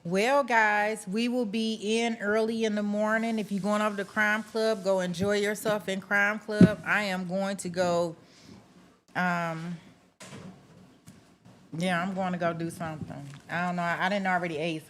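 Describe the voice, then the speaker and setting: A woman's voice: mid-range voice, little pitch movement, moderate pace, a little hiss or hum. Chatty woman streamer laughing with viewers. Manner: chatty, often breaks into laughter, answers viewer comments by name. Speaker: livestream host. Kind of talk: casual chat with live viewers.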